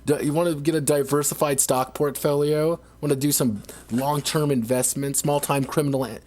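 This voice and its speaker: A man's voice: a little high, fairly even intonation, normal speed, darkish tone. A man streaming, ranting casually in a sarcastic, profane way, rambling with frequent restarts.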